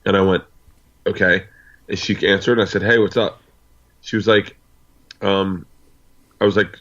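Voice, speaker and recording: A man's voice: fairly low pitch, fairly even intonation, normal speed, long pauses, a bit bright, lo-fi sound. A middle-aged man from the United States, a comedian guest telling a long personal story and acting out the dialogue. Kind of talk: storytelling in casual interview.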